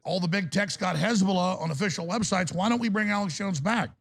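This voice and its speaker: A male talk radio host delivering a heated, ranting monologue in a gravelly voice. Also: sits high, brisk, fairly bright tone.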